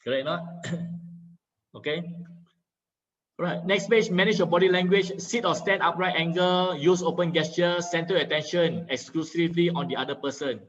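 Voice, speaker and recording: A man with a slightly raised voice gives an online skills lesson. He talks like a patient teacher, fills pauses with a string of "uh"s and keeps asking "okay?" to check on his listeners. His voice comes through a muffled video-call line. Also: on the high side, fairly even intonation. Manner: teacherly, many filler "uh"s, checks understanding with "okay?". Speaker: communication skills trainer. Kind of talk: online training lecture.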